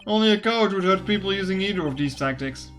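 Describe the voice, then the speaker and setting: Woman reading a young lawyer guy, pressing questions, animated. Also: medium pitch, quick pace, soft background music, lightly acted. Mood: probing. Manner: questioning, persuasive. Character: earnest young male defense lawyer, probing.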